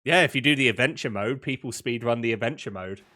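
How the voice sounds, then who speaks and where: A young British man co-hosting a casual podcast, rambling with excitement and often laughing. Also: mid-range voice, fast talker. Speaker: podcast co-host. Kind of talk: casual chat.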